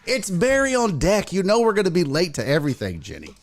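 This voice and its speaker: A man's voice: sits high, wildly swooping pitch, a little fast, slight background noise. A man hosting a sports talk livestream, chatting casually in a rambling, profane way and laughing often. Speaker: sports show host.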